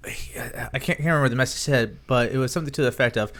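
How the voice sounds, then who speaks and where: A young man co-hosting a podcast who tells stories with lively energy. He slips into imitations of other people's voices, and his own voice sits at an ordinary pitch. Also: racing, hardly any pauses. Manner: animated storyteller, mimics voices. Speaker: podcast co-host. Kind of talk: casual podcast banter.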